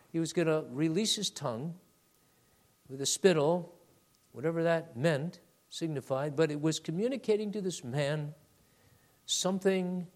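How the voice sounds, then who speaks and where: A man preaching a sermon to his congregation, calling them beloved and swinging between loud emphatic peaks and hushed, low asides.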